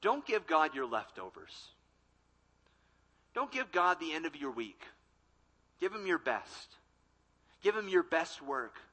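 A young adult man, a college ministry pastor, delivering a sermon with emphatic repetition and quick acted-out quotes. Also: fairly high pitch, sing-song, pushed and bright, rough recording.

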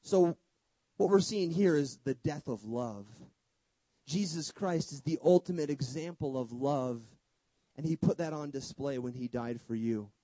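A man preaching a sermon with emphatic delivery, rhetorical questions, sudden hushed drops and casual humorous asides. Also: on the high side, unhurried, dry recording, rough recording.

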